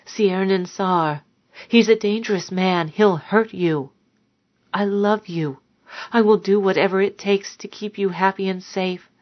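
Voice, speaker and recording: A woman reading aloud, voicing a gentle, kind husband who pleads softly, on a dull lo-fi recording. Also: mid-range voice, fairly even intonation, a little slow, close to an everyday voice. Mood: pleading softly. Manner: soft, pleading.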